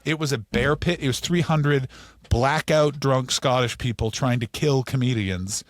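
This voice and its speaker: A middle-aged man from Canada, a comedian telling stories as a podcast guest in a quick, animated, profane way. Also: mid-range voice, no echo, studio quality. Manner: animated, profane, fast storytelling. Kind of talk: storytelling interview.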